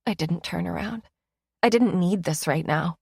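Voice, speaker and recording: A woman's voice: on the low side, moderate pace, gravelly, a little mellow, breathy edge, no echo, clean studio sound. A woman narrating a first-person romance audiobook in an emotive, intimate reading.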